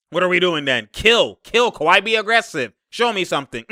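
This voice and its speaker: Excitable man breaking down game film. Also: sits high, moderate pace, dry recording, clean studio sound. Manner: excitable, laughs often, slangy, shouts at players. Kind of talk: casual game breakdown commentary.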